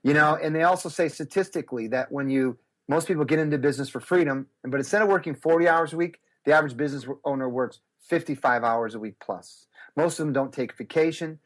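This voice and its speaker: A middle-aged man telling stories as an interview guest, acting out quotes with big jumps in his voice. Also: fast. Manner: lively, acts out quotes with big pitch jumps. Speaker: guest speaker and business coach. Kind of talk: animated storytelling interview.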